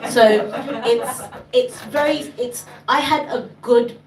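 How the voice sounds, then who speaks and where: A woman's voice: on the high side, slow pace. Chatty woman in her forties, distant and roomy. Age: 40s. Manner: chatty, laughing, frequent fillers. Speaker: panelist. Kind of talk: casual personal storytelling. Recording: roomy, distant mic with faint noise.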